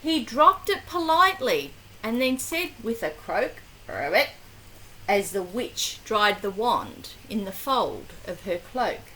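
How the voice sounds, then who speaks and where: A woman's voice: a little high, slight background noise, rough recording. An older woman, a grandmother, reading a picture book aloud to her grandchild, gasping and asking questions as she goes. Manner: slow, animated, with gasps and questions to the child.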